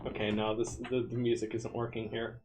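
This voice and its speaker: A man's voice: medium pitch, completely flat delivery, brisk, a little mellow. A man reads a text adventure game aloud on a live stream, casual and amused, dropping in offhand remarks as he goes. His voice sits in the middle range, and faint music plays in the background. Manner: casual, amused, with frequent laughs.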